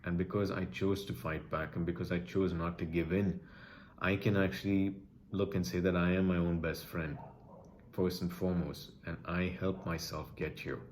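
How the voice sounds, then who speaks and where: A man's voice: sits low, fairly even intonation, moderate pace, a little mellow, a little hiss or hum. A man speaking earnestly and emotionally to his viewers, pleading with them and repeating key phrases for emphasis. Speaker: vlogger sharing personal experience. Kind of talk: earnest personal address to camera.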